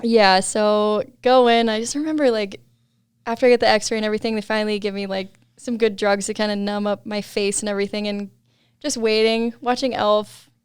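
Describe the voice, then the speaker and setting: A woman's voice: medium pitch, fairly even intonation, a little fast, smooth, no echo, studio quality. A young adult woman, a podcast guest, telling a story in casual chat, laughing often and saying "like" a lot.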